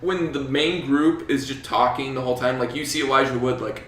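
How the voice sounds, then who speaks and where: A man's voice: medium pitch, steady tone, brisk, a bit bright, a little hiss or hum. A young man co-hosting a casual podcast chat. He laughs often and sounds easygoing. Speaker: podcast co-host. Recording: roomy, distant mic.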